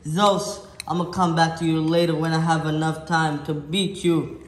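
A man's voice: a little high, little pitch movement, normal speed, echoey room, a little hiss or hum, lightly acted. A man playing a hero in improvised toy make-believe, fighting a villain who is too strong for him. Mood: determined. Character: male hero beaten by a villain. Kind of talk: improvised toy play-acting.

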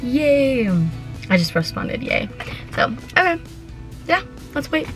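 A teenage girl vlogging from her parked car, chatty and excitable, giggling often and filling her talk with "like.". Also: sits high, measured pace, music in the background. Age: teens. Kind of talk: casual vlog chat. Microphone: handheld camera.

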